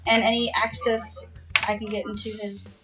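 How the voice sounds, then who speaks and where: A woman's voice: medium pitch, little pitch movement, moderate pace, crowd noise, poor audio. A woman playing a character in a casual tabletop game. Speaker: player.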